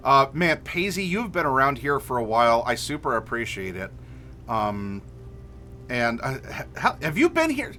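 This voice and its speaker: A man's voice: medium pitch, sing-song, normal speed, bright, forceful tone, slight background noise. A man casually chatting on a livestream, reading viewer messages aloud and rambling with lots of filler words. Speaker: streamer reading chat.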